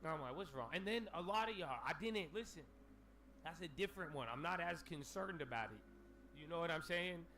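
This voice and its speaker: Male streamer, loose profane rant to chat, bright edge, slightly high, faint noise bed. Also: a little fast. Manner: profane, animated ranting with slang. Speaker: livestream host. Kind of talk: casual livestream rant.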